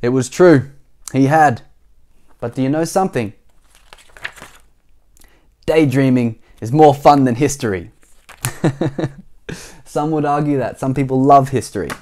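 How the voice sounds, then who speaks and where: A man's voice: medium pitch, unhurried, pauses often, warm tone. Aussie guy reading a kids storybook, chatty, keeps chiming in with little comments. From Australia. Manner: chatty, adds playful comments to listeners. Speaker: storybook reader. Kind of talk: reading a children's story aloud with asides.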